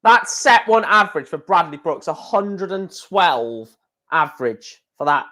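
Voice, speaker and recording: Excitable man hosting a live reaction. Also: high voice, a little slow. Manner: chatty, excitable, talks to viewers directly. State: hiccuping. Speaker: live stream host reacting to darts. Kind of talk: casual live commentary.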